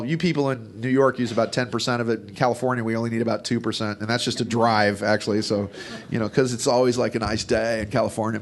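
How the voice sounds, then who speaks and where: A man moderating a panel at an expo, joking and rambling with many "uh" fillers as he introduces the guests. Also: mid-range voice.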